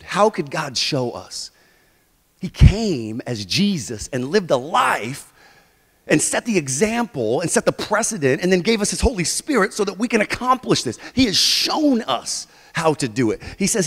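A man preaching a sermon as pastor, animated, moving between quiet and loud passages. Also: sits high, normal speed, vocal fry, breathy edge, big-room sound. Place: church sanctuary.

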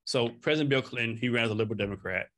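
Fast-talking male podcast host. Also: mid-range voice, fairly bright tone. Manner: opinionated, rapid talking. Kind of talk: casual interview chat.

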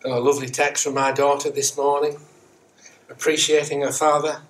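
This middle-aged Methodist minister has a fairly high voice and a flat delivery, speaking a touch fast. Indoors in the church sanctuary, he gives a chatty, self-mocking Sunday sermon packed with repeated rhetorical questions. The sound comes from a distant church mic with a faint hiss.

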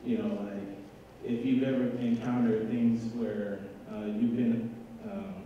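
A man's voice: fairly low pitch, level tone, measured pace, mellow. An earnest young man politely asks a question from the audience. His voice sounds dull and muffled, picked up from far off, with a long, echoing hall reverb. Faint hiss sits underneath. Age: young adult. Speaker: audience member asking a question. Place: large hall.

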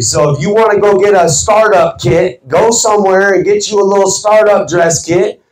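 A man giving a motivational talk to a sales team, stressing his words with an emphatic, preacherly cadence. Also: high voice. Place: team meeting room. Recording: echoey meeting room.

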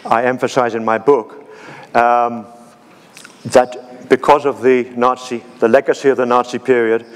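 A man's voice: medium pitch, flat delivery, a little slow. A man giving a conference talk with slides, hesitant, with many ums and restarts. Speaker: conference speaker. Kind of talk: lecture with slides. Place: conference hall. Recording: long reverb of a conference hall.

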